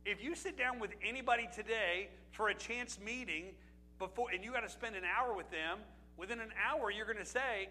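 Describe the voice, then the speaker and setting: High, bright-voiced preaching man. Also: moderate pace, slight background noise, poor audio. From Pennsylvania. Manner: conversational preaching with rhetorical questions and asides. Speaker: pastor. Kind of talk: sermon.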